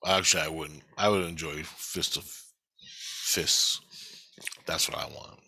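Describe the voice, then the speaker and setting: A man's voice: extremely low pitch, fairly even intonation, unhurried, long pauses, pushed and bright, slightly rough, no room sound. A man talking in a rambling, profane monologue about a dream he had.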